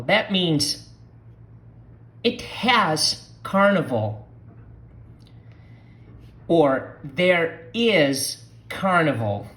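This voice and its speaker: A Portuguese speaker from Brazil, teaching a slow language lesson and patiently repeating words for learners to copy. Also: mid-range voice, a bit bright.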